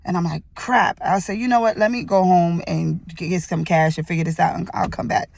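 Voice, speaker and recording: A woman's voice: lowish voice, fairly even intonation, fairly quick, vocal fry, a little mellow, no echo. A young woman in a gym telling a personal testimony in a rambling, chatty way with lots of fillers, fighting back tears as she talks. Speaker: vlogger sharing a testimony. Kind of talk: emotional personal testimony vlog. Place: indoors at a gym.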